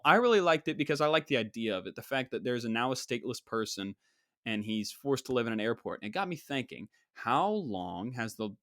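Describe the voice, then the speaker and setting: A man's voice: mid-range voice, fairly bright tone, no room sound. Rambling man, dry close sound. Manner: rambling, jokey and offhand, lots of fillers. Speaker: podcast host. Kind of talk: casual solo podcast monologue.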